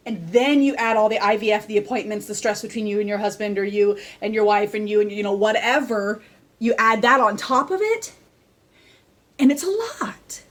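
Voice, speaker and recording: A woman talking casually to the camera, excitable and candid, often laughing as she tells her story. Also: medium pitch, brisk. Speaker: vlogger sharing her personal story.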